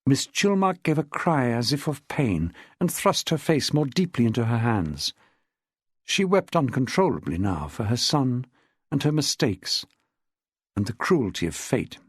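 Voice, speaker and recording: Husky man narrating an audiobook. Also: medium pitch, no room sound, clean studio sound. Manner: measured, expressive storytelling. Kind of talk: scripted narration.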